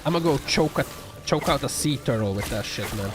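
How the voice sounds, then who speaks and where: A man's voice: mid-range voice, expressive, fairly quick, background noise. A man streaming live and chatting with viewers, sarcastic and profane, rambling with lots of fillers. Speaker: livestreamer. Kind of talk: casual livestream chat reacting to viewer comments. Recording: music bed under the voice. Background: music playing.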